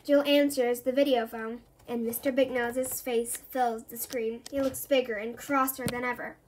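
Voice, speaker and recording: A woman reading a children's book aloud in a lively, expressive way. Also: a little high, normal speed, slight background noise, poor audio. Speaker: storybook reader.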